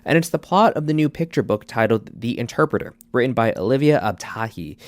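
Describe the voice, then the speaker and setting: A man's voice: mid-range voice, dry recording. A man hosting a book podcast, giving a conversational scripted introduction. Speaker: podcast host.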